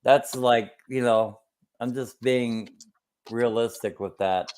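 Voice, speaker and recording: A man's voice: medium pitch, steady tone, slow pace, a little mellow. A man in a casual chat, ranting emphatically with lots of swearing and fillers.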